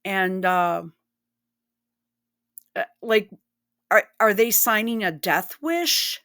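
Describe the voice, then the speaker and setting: A woman's voice: medium pitch, lively intonation, slow, a bit bright. A woman giving blunt, profane and emotional commentary while reacting to news clips. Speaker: online commentator.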